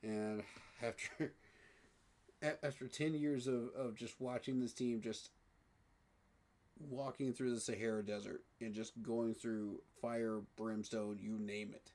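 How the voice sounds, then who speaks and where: A man talking excitedly in a casual fan reaction vlog, emotional and repeating himself. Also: mid-range voice, slow pace. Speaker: sports fan vlogger.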